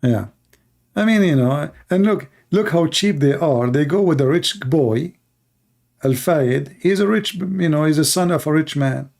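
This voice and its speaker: A man's voice: fairly high pitch, unhurried, gravelly, darkish tone. A man from the Middle East with a Middle Eastern accent, mocking in blunt broken English on a livestream. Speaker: host. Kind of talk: livestream commentary.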